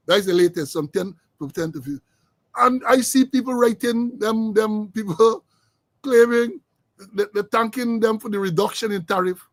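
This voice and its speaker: A man's voice: high-pitched, no echo. A middle-aged Guyanese man hosting a political commentary show, talking with sarcasm and mockery. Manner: sarcastic, mocking. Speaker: host.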